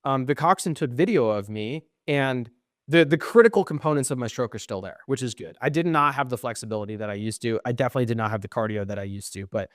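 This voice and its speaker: A man's voice: medium pitch, fast, dry recording. Young man telling a story, dry sound. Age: young adult. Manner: animated storyteller, acts out quoted exchanges, frequent ums; swears when frustrated. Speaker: podcast co-host. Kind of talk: casual storytelling chat.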